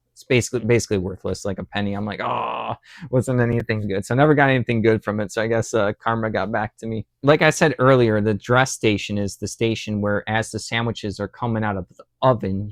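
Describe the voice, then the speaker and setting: A young man hosting his channel, casually telling a rambling personal story, with lots of fillers and restarts, lifting his voice high and loud when he acts out what he said. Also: dry recording, studio quality. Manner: animated, acts out quotes with rising voice. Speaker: channel host.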